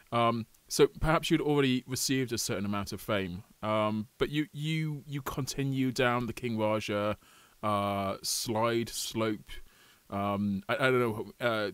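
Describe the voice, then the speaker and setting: A man hosting a podcast, his voice of ordinary pitch recorded dry and close. He teases his guest in a wry way and stumbles through his questions with frequent ums. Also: no room sound. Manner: wry, hesitant, many ums. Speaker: podcast host. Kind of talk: casual podcast chat.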